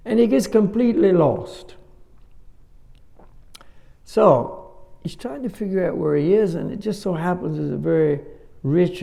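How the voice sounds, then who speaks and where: A man gives a spiritual talk to a live audience, weaving in stories with folksy, chatty asides and chuckles. His voice is heavily gravelly and mellow, pitched a touch high for a man. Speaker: spiritual teacher. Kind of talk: sermon with storytelling.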